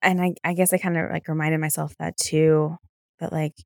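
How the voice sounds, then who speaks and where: A young woman hosts a solo podcast in a low, gravelly voice. She sounds tired and yawns now and then. She rambles on casually with lots of fillers and easy swearing. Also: flat delivery, moderate pace, no echo, clean studio sound. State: tired, yawning. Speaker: podcast host.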